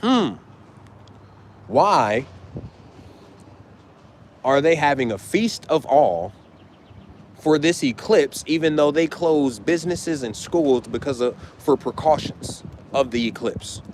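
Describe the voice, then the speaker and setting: A man's voice: on the high side, animated, slow, long pauses, slight background noise. A man, lecturing in a profane, rambling way, full of rhetorical questions. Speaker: online commentator. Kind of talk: casual monologue to camera.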